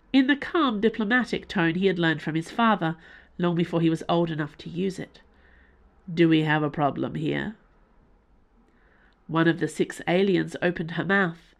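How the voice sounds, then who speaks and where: Woman narrating an audiobook, lowish voice. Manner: expressive, varied delivery.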